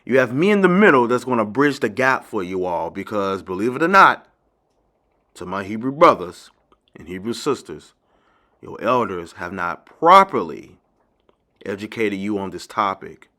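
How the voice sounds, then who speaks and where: A man's voice: lowish voice, sing-song, normal speed. A man hosting a lecture-style video lesson, emphatic and insistent, repeating key phrases and speaking straight to his viewers. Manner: addresses viewers directly as ladies and gentlemen. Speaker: teacher and channel host.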